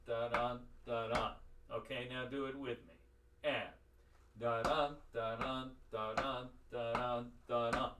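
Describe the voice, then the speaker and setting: A male lecturer giving an online lecture on Shakespeare's verse, lively and jokey, chanting rhythms aloud into a webcam from a room at home. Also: mid-range voice, noisy background. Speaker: university lecturer.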